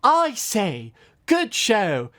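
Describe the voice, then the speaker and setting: A puffed-up, pompous British gentleman with a plummy, overdone accent, as an animator puts him on. He repeats himself grandly in a hammed-up cartoon manner, with a lifted pitch. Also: wildly swooping pitch, drawn-out words, exaggerated voice.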